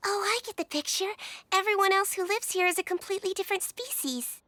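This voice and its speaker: An earnest, very high young witch. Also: fast, pushed and bright, dry recording. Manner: polite, earnest and apologetic. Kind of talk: anime English dub.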